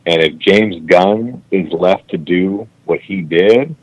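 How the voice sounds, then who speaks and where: A man's voice: deep voice, takes it slowly, dull audio. A man co-hosting a casual podcast, blunt and opinionated, swearing as he argues his points. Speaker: podcast co-host. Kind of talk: casual chat.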